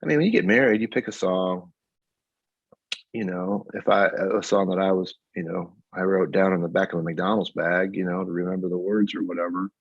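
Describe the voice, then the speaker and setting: Man in his fifties, husky and deep, animated guest storyteller, dull lo-fi recording. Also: a little fast, no echo. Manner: animated storyteller, laughs often. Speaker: guest songwriter. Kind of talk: casual interview. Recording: dull lo-fi audio.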